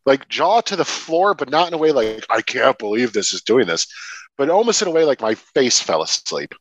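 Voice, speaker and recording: A man's voice: medium pitch, dry recording, rough recording. A young man co-hosting a film podcast, chatting casually and often restarting his sentences. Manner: lively, restarts often, drawn-out emphasis. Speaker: podcast co-host.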